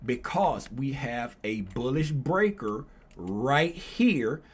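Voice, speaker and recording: A man's voice: medium pitch, takes it slowly, husky. A man teaching chart analysis for trading, who keeps asking questions and tagging his lines with "right?". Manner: asks himself questions, tags lines with "right?"; grows louder and more animated. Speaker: trading educator. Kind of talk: chart walkthrough lesson.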